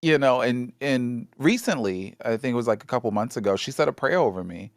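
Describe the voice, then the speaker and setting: A man's voice: mid-range voice, expressive, fairly quick, no echo, studio quality. A man co-hosting a podcast, chatting casually and telling stories with easy laughs. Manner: laid-back, storytelling, laughs often. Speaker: podcast co-host. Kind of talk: casual chat. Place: studio.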